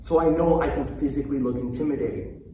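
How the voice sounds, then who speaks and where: A man's voice: mid-range voice, fast, mellow, slight background noise. Man, parenting coach, casual talk, earnest, repeats himself, faint background ambience, echoey. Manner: earnest, repeats points, addresses listeners directly. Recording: very echoey room, distant mic, faint ambience.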